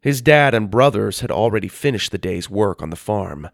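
A man narrates a storybook in a low, gravelly voice. His reading swings up and down with lively expression. The sound is dry and close to the mic. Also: normal speed, dry recording.

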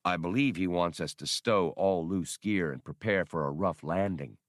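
A man voicing a polite male robot servant who speaks in calm, neutral tones in a storybook reading. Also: low-pitched, moderate pace, no echo, clean studio sound, lightly acted.

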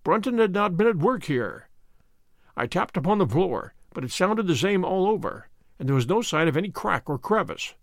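An actor playing a sharp, methodical detective, recounting a case with precise, measured storytelling in a radio drama. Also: male voice, sits high, big pitch swings, vocal fry, dry recording, studio quality, heavily acted. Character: Holmes, sharp methodical male detective narrating.

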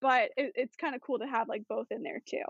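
A woman's voice: on the high side, steady tone, a little fast, breathy edge, no echo, muffled recording. A woman talking as a podcast guest in casual chat, chatty with many fillers.

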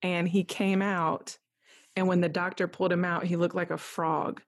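A woman's voice: fairly low pitch, flat delivery, moderate pace. A young woman candidly retelling a personal story as a podcast guest, acting out what others said to her. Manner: candid, vivid retelling with quoted dialogue.

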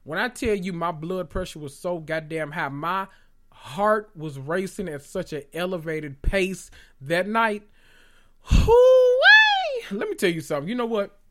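Guy with a higher voice, sassy and cussing a lot, hosting a podcast and going off about reality tv. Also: normal speed. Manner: animated, sassy, profane, talks straight to listeners. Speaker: podcast host. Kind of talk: casual reality TV gossip monologue.

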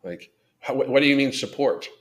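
A podcast host with a mid-range, fairly bright voice speaks briskly during a live show. He rants bluntly, swearing a lot as he reads out comments from viewers in the chat.

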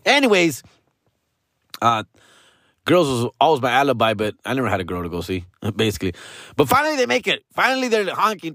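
A man spins a casual story, full of street slang and swearing. His voice sits a bit high and sounds dry and close, with no room behind it. He jumps into the voices of the people he quotes. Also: very animated, brisk, a bit bright, no room sound. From Los Angeles area. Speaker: comedian.

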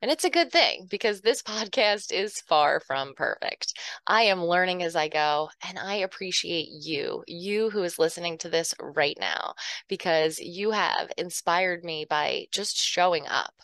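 A woman's voice: on the low side, animated, unhurried, fairly bright tone, no echo. A woman hosting her own podcast, talking earnestly and emotionally to her listeners and laughing often. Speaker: podcast host. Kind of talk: heartfelt talk to listeners.

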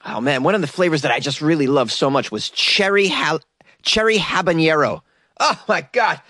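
A man's voice: fairly high pitch, expressive, a little fast, sharp tone, no room sound, studio quality. A man hosting a casual solo podcast, chatty and jokey and rambling, who often laughs at his own jokes. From New York. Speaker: podcast host.

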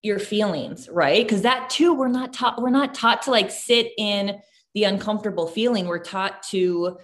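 A woman's voice: mid-range voice, moderate pace. A woman in her thirties, a mom and business owner, chatting casually as a podcast host and filling her talk with "like". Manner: chatty, lots of "like" fillers, animated storytelling. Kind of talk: casual conversational chat.

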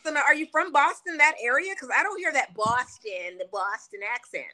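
A woman from Louisiana, a country singer guest, telling her story in a bubbly, animated way. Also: sits high, brisk. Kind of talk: casual interview chat.

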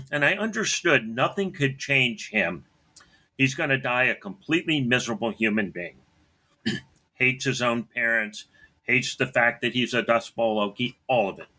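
A middle-aged man telling a personal story bluntly, clearing his throat often between phrases. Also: mid-range voice, expressive, moderate pace, bright, forceful tone.

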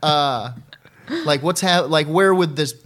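A man's voice: slow pace, a bit bright. A man co-hosting a comedy podcast in casual chat, playful and laughing often as he riffs. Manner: playful, breaks into laughter, pitch jumps up for quoted bits. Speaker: podcast co-host.

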